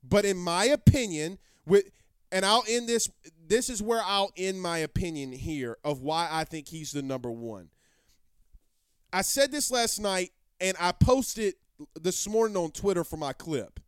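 Young guy ranting on a sports show, loose and rambly, highish clean voice, dry sound. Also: animated, a little slow, clean tone, dry recording. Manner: brash, rambling, repeats himself. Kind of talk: casual live sports talk.

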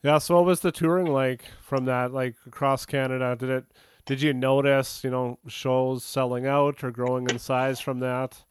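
Laid-back man, smooth clear voice. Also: medium pitch, steady tone, moderate pace. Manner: laid-back, brief interjections. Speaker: interviewer. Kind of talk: casual interview.

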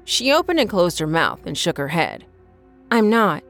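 Low, measured woman narrating a horror story. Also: huge pitch swings, creaky, a bit bright, soft background music.

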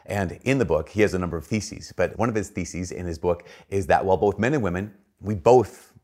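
Low-voiced man preaching a conversational homily. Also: a little fast. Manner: conversational preaching with frequent restarts, swings between soft and loud. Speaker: priest. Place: church.

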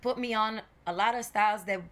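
Casting: Montreal woman, Quebecois franglais accent, easygoing slangy podcast guest, average pitch. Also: fairly even intonation, fairly quick, a bit bright. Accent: Quebec French-English mix. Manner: slangy, laughing, bilingual code-switching. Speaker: guest musician. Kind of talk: casual podcast interview.

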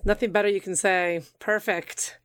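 A woman co-hosting a comedy podcast, chiming in with quick, expressive reactions. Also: medium pitch, clear, resonant tone. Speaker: podcast co-host. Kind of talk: comedic casual chat.

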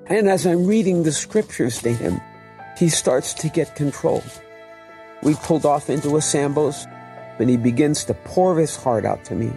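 A man's voice: fairly high pitch, expressive, moderate pace, dark tone, faint music behind. A man preaching his testimony as a vivid storyteller who acts out the dialogue. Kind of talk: animated testimony sermon.

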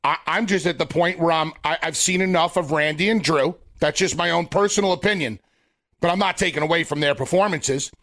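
A man's voice: a little high, brisk, fairly bright tone. A man co-hosting a wrestling podcast, giving blunt, opinionated takes with some swearing in casual chat.

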